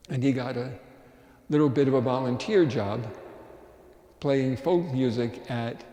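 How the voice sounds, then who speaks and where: Older priest preaching in an echoey church. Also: male voice, mid-range voice, warm tone. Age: 60s. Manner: slow, reflective preaching with personal anecdotes. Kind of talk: Lenten sermon with storytelling. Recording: echoey church with long reverb.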